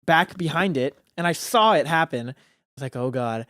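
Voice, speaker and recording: A man's voice: a little high, expressive, moderate pace, a bit bright, no echo, clean studio sound. A teenage man, a podcast guest, telling a rambling story in casual chat with plenty of filler words. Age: teens.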